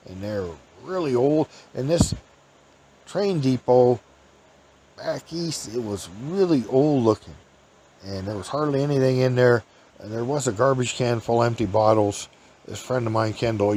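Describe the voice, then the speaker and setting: A man's voice: medium pitch, gravelly, darkish tone. A man hosting a podcast, telling folksy, rambling stories in a casual chat with chuckles. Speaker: podcast host. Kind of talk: casual storytelling.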